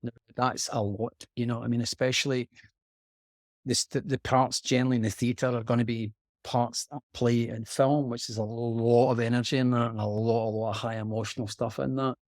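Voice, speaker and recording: A middle-aged man with a Scottish accent, a guest actor talking earnestly and haltingly over a video call. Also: medium pitch, flat delivery, no echo, studio quality. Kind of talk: reflective conversation.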